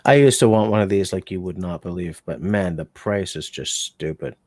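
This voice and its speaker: A man's voice: low voice, normal speed, darkish tone, no room sound. Dry, rambling man hosting a livestream. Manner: rambling, joking, self-mocking. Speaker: bushcraft channel host. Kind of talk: casual livestream chat.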